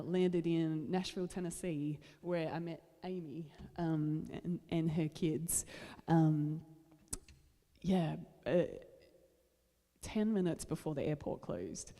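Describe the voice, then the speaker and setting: A woman's voice: deep voice, dark tone, in a large hall. An Australian woman telling a story from the stage at a concert, casual and self-deprecating, with plenty of ums and small laughs. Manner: chatty, self-deprecating, many fillers. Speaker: singer-songwriter. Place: large church.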